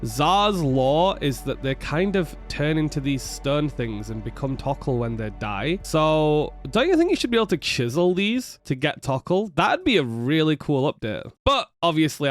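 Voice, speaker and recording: A man talking through his game session in a chatty, excitable, self-deprecating way as a gaming video creator. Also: fairly high pitch, normal speed, few pauses, soft background music. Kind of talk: casual gameplay commentary.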